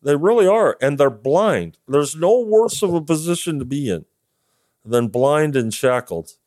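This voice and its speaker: A man's voice: fairly high pitch, unhurried, dry recording, studio quality. A man who preaches on the street tells an emotional story in an interview and acts out the dialogue with earnest energy. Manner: earnest and animated, acting out quoted dialogue.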